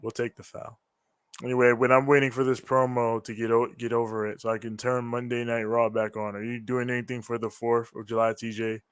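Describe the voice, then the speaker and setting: A man's voice: mid-range voice, flat delivery, fairly quick, clear, resonant tone. A man co-hosting a live wrestling reaction stream in casual chat, rambling, swearing freely and laughing often at home. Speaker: co-host of a wrestling reaction show.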